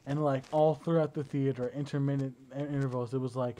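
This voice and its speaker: A young man with a mellow, warm voice rambles through a casual video diary meant for his partner. He talks at a middling pitch into his phone at home, with a faint hiss behind him. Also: flat delivery, brisk, hardly any pauses, rough recording. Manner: rambling, chatty storytelling. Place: at home indoors.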